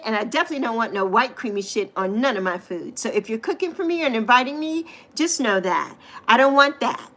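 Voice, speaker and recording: Middle-aged American woman, live-stream host, chatty and loose, bright higher voice, frequent laughter. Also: animated, fairly quick, few pauses. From United States. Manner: chatty, laughs often, swears casually. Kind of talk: casual live chat with viewers.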